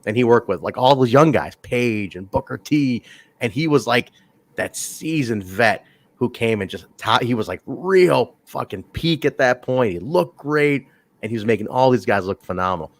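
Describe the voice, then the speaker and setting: A man co-hosting a casual wrestling review chat, telling stories in a rambling, animated way. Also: medium pitch, normal speed, dry recording. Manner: rambling, animated storytelling with laughs. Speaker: podcast co-host reviewing wrestling.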